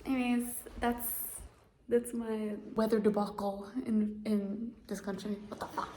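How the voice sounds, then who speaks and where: Chatty, excitable young woman vlogger. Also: fairly high pitch, unhurried, slight background noise. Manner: chatty, ranting and excitable, with many fillers. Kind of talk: casual vlog chat.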